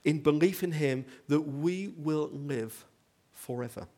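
A man's voice: on the high side, measured pace, warm tone. A man preaching a sermon, earnest, building to emphatic rhetorical questions.

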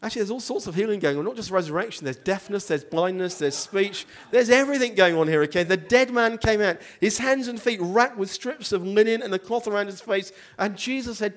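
Guy preaching a sermon, pretty high voice, gets lively and tells the story, keeps asking the room stuff. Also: a little fast, hardly any pauses. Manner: animated storytelling, asks the congregation questions. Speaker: pastor.

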